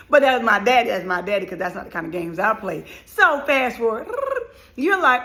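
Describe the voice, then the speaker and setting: A middle-aged woman from tells her own life story as a motivational speaker, and her voice has a gravelly, creaky edge. She talks with a lot of feeling and acts out the people she quotes along the way. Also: medium pitch, animated, brisk, bright, forceful tone. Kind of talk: personal storytelling monologue.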